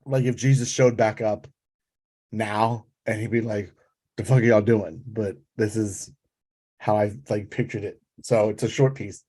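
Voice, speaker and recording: A man's voice: lowish voice, steady tone, a little slow, dark tone. A man hosts a poetry reading over a video call, chatting effusively with lots of "like" before reading his own poem. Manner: effusive, filler-heavy, lots of "like". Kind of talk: casual hosting and poetry reading.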